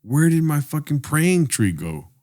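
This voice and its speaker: A man voicing an indignant British queen with a put-on British accent, slow and drawn out. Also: on the high side, big pitch swings, warm tone, pitched above the performer's own voice. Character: haughty British queen, a woman.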